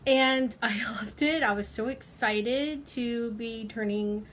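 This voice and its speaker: A woman in her forties chats through a casual self-help vlog in a fairly high voice. She laughs easily and stretches her words out as she talks. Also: slow, a bit bright, slight background noise. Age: 40s. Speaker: vlogger. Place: outdoors on a balcony.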